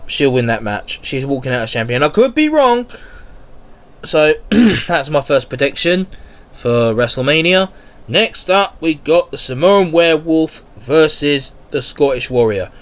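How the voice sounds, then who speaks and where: A man hosting a casual solo wrestling podcast, rambling and restarting his sentences, with a cold. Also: mid-range voice. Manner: slow, rambling, restarts often. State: has a cold. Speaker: podcast host.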